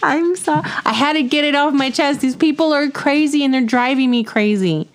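A woman's voice: high-pitched, normal speed. A middle-aged woman hosting a casual podcast chat, ranting bluntly and laughing often. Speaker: podcast host.

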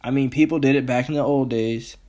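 A man's voice: medium pitch, steady tone, fairly quick, a little mellow. A man hosting his own podcast, ranting in a heated, profane, rambling way. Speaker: podcast host. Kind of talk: solo podcast rant.

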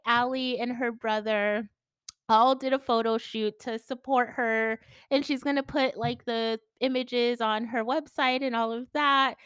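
A woman's voice: sits high, fairly bright tone, clean tone, dry recording. A woman hosting a casual solo podcast from home, talking in a bubbly, effusive, giggly way and filling her speech with "like" and "you guys.". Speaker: podcast host. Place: at home indoors.

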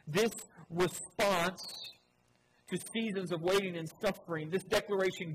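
A man preaching a sermon, reading scripture aloud with dramatic swells and earnest appeals. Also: fairly high pitch. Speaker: pastor. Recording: long hall reverb, faint room noise.

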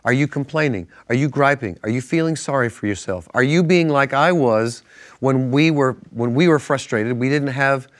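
A man's voice: mid-range voice, normal speed. A man co-hosting a Christian broadcast, teaching from the Bible in an earnest, conversational way and reading verses with rising emphasis. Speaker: pastor, co-host. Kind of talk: Bible teaching in casual studio chat.

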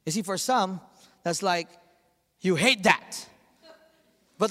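A man in his thirties preaching a sermon, telling family stories with lively, acted-out quotes. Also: fairly high pitch, normal speed, long pauses. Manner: animated storytelling, acts out quotes. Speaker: pastor. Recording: long hall reverb.

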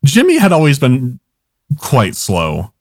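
A man's voice: medium pitch, wildly swooping pitch, slow, dry recording, clean studio sound. A young man casually telling a long, rambling story on a podcast, swearing often and laughing at his own jokes.

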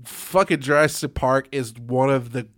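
A young man in his twenties chatting casually, rambling and swearing, telling animated stories with frequent laughs. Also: mid-range voice, a little slow. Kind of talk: casual chat.

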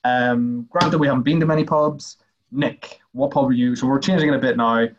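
A man's voice: medium pitch, fairly even intonation, normal speed, a little hiss or hum. Teasing man on dull lo-fi call audio. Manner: teasing, playful. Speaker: podcast co-host. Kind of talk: casual chat.

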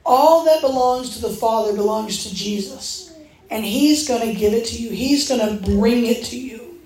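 In an echo-filled church hall, a woman whose voice runs slightly high preaches at an ordinary speed. She tells her stories with energy, performing the voices of those she quotes.

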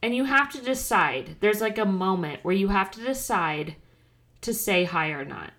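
A nasal-voiced woman with a faint lisp chats loosely into a podcast microphone. She is in her thirties and rambles along, trailing off and restarting, with a middling pitch. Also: expressive, normal speed, a bit bright. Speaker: podcast co-host. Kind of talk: casual chat. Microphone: studio microphone.

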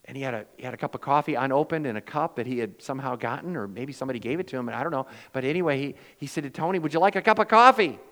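Man, pastor, sermon, loud emphatic lines dropping to hushed tones, storytelling voice. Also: medium pitch, very fast, few pauses, in a large hall. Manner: dramatic swings from loud emphasis to hushed near-whispers; acts out quoted voices in storytelling.

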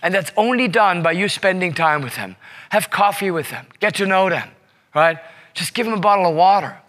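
A man's voice: high voice, lively intonation, moderate pace, a bit bright. A man speaking as a leadership seminar presenter, telling a story to the room with emphatic repetition and frequent "right?" checks. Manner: emphatic, repeats words and asks "right?".

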